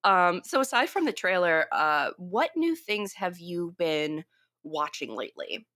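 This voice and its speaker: A woman co-hosting a film podcast, chatting casually with quick asides. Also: on the low side, sing-song, pushed and bright, no room sound, clean studio sound. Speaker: podcast co-host.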